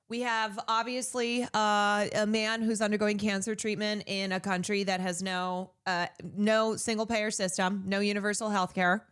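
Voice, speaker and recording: A woman streamer reads a news story aloud in casual commentary. She keeps breaking off into heated, profane remarks of her own. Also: on the high side. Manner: profane, indignant.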